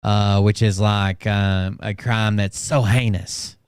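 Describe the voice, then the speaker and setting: A man's voice: fairly low pitch, fairly even intonation, slow, clear, resonant tone, no room sound. A man mocking a played clip with crude, sarcastic, profane ridicule. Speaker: reaction commentator.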